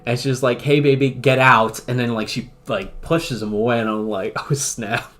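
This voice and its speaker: A man casually telling a story as a streamer, animated, laughing often and acting out what people said. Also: medium pitch, normal speed. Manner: animated, laughs often, swears, acts out quotes.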